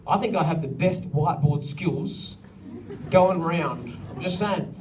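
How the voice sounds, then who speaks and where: Teaching songwriting to a group, this music director cracks jokes and frequently sings lines to demonstrate melodies. His voice is a little high and a little mellow, and he takes his time. The mic is distant, picking up faint ambience and slight background noise.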